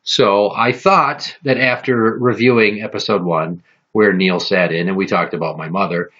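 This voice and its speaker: A man hosting a podcast, telling profane, animated stories in casual chat. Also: low-pitched, slightly rough, dull audio. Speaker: podcast host.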